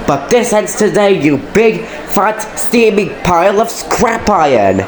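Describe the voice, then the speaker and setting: A man's voice: sits high, lively intonation, normal speed, background noise, pitched above the performer's own voice. Man doing a brash cheeky little tank engine. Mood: furious. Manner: shouty insulting outbursts.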